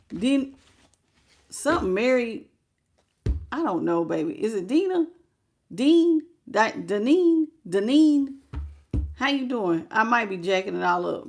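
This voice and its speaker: A woman's voice: fairly high pitch, sing-song, takes it slowly, creaky, long pauses, a little hiss or hum. A woman giving a casual tarot reading, talking bluntly and colloquially and chatting with her viewers. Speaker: tarot reader.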